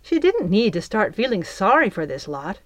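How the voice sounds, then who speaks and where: A woman narrating an audiobook in a calm, even storytelling voice. The recording is dry and close, with no room sound. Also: medium pitch, normal speed, no echo.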